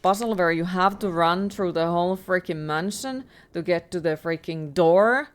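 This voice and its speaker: A woman's voice: on the low side, moderate pace. A woman livestreaming a horror game, ranting with heavy profanity and exasperation in casual live commentary.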